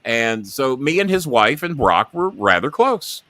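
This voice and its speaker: A man's voice: medium pitch, very animated, unhurried, bright, forceful tone, no room sound. A middle-aged man hosting a talk show, telling a long story and acting out the quotes in it.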